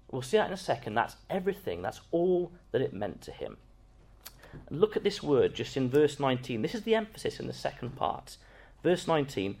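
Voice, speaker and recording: Male preacher, lively intonation, leans on every scripture line. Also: mid-range voice. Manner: reads scripture slowly with emphasis. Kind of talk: bible teaching sermon.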